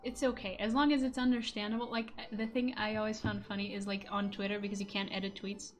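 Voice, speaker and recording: Speaking fast with little pitch movement, a young European streamer and voice actor chats with her audience over faint background music. Her accented voice is medium-pitched; she laughs a lot, swears now and then, and records from a home room on a desk-stand microphone.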